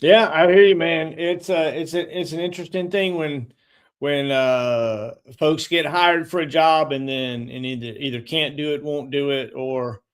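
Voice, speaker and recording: A man with a voice a little higher than most, hosting a relaxed podcast. He feels his way through his thoughts, restarting phrases and filling gaps with "uh" and "um". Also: smooth. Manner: halting, repeats words and fills with "uh". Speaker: podcast host. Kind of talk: casual podcast chat.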